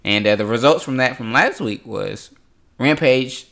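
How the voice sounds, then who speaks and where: A man's voice: mid-range voice, a little slow, gravelly, fairly bright tone. A young man hosting a podcast in casual, rambling chat, laughing often. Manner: loose, rambling, laughs a lot. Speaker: podcast host.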